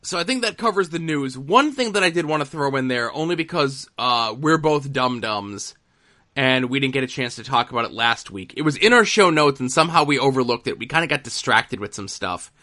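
A man hosting a podcast, talking casually and loosely, with many pauses and filler words. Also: mid-range voice. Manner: relaxed, hesitant with many fillers. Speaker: podcast host. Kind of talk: casual chat.

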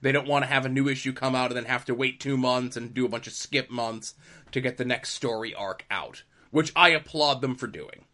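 A man's voice: mid-range voice, a little fast, sharp tone. A young man co-hosting a casual comics podcast, chatting wryly and running through news. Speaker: podcast co-host. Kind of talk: casual chat.

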